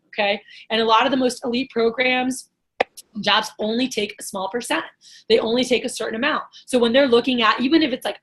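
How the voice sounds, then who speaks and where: Peppy, fairly high-voiced woman sales trainer. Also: breathy edge. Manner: energetic, casual, many fillers and rhetorical questions. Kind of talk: motivational sales training talk.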